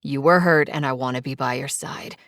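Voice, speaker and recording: A woman's voice: rumbling low, fairly quick, a bit bright, dry recording, clean studio sound. A woman voicing a protective, dangerous male biker who speaks firmly and intensely. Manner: intense, firm.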